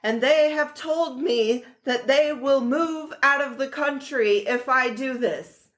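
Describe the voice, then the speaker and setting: A stately older male president with a transatlantic accent, as a woman puts him on in a podcast chat. The voice sits high for a man and is drawn out slowly, like a defiant speech from the old radio days. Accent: transatlantic, put on. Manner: slow, drawn-out, oratorical delivery.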